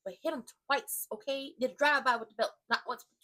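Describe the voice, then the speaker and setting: Woman vlogger with a highish voice, delivering an emphatic, slang-heavy rant recap. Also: fast talker. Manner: animated, slangy and emphatic, with asides to viewers. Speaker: wrestling commentary vlogger. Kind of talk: casual ranting recap.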